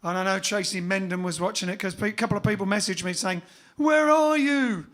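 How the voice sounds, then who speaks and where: A man's voice: high-pitched, fairly quick, fairly bright tone. A man hosting a casual lockdown livestream as band leader, chatting playfully and joking between songs. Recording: band music clearly behind the voice.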